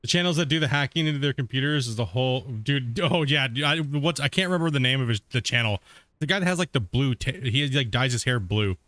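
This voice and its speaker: A man casually talking while he streams a game, relaxed and rambling, often laughing. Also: medium pitch, quick pace, no echo. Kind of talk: casual live-stream commentary.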